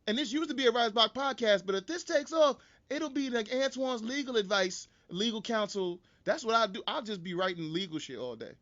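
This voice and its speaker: A high-voiced man hosting a podcast, riffing through an animated, profane comedic rant. He jokes without pause and swears freely. The recording is dull and lo-fi. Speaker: podcast host.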